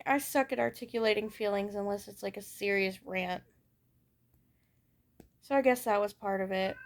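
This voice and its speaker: A woman's voice: mid-range voice, moderate pace, long pauses. A young woman giving a candid personal monologue as a vlogger. She talks in a raw, blunt way, swears and circles back over her thoughts. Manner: ranting.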